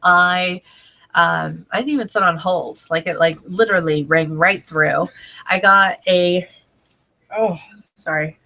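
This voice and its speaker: A woman's voice: lowish voice, steady tone, a little slow, vocal fry, sharp tone, a little hiss or hum. Chatty congested woman laughing through a story. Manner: chatty, laughs often, talks to her child between sentences. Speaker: direct sales consultant. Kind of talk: casual video tutorial. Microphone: camera mic, talking to camera.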